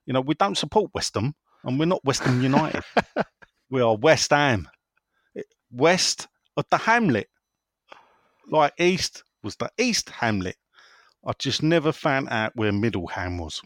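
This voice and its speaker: A man's voice: medium pitch, sing-song, unhurried, long pauses, no echo. A man hosting a casual podcast, reading listener messages in a rambling, jokey way. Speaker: podcast host.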